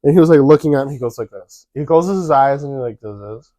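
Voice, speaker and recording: A young man co-hosting a casual chat, telling stories with animated, acted-out quotes. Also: mid-range voice, quick pace, no room sound. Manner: animated, acts out quotes in a raised voice. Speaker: co-host.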